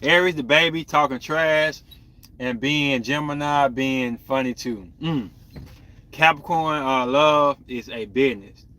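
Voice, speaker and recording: A man's voice: medium pitch, unhurried, bright, forceful tone. A young man hosting a podcast, talking candidly and loosely with his viewers. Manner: candid, rambling, talks to viewers. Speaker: podcast host. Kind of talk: casual live-stream chat.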